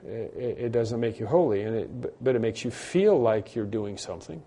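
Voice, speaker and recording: A pastor preaching an expository sermon in a conversational way, with many fillers and restarts, rising to emphatic bursts on key points. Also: male voice, mid-range voice, moderate pace, mellow.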